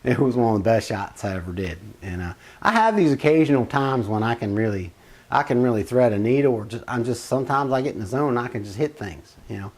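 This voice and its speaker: A man telling a funny family story in a casual first-person way, animated, with big swings in pitch and loudness. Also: quick pace.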